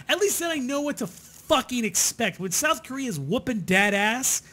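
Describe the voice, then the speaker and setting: A man's voice: extremely high pitch, moderate pace, few pauses. A young man co-hosting a comedy podcast, ranting casually with plenty of swearing. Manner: profane, animated ranting with laughs. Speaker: podcast co-host.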